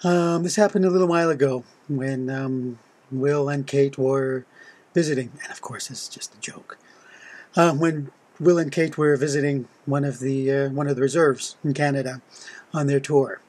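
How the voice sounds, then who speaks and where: Husky man hesitantly telling a joke. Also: medium pitch, fairly even intonation, normal speed, a little mellow. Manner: hesitant, full of ums and restarts. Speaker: joke teller. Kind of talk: casual spoken joke.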